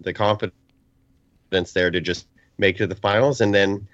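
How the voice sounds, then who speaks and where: A man's voice: on the low side, fairly even intonation, moderate pace, a bit bright, no echo. A man co-hosting a casual sports podcast, telling a rambling story and enjoying his own jokes. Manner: rambling storyteller, self-amused. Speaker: co-host. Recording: dull lo-fi, dry.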